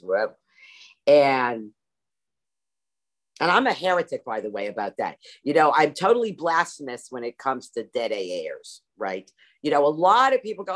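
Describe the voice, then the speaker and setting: A woman telling her recovery story at a meeting over a video call, theatrical and self-mocking. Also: sits low. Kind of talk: personal storytelling talk.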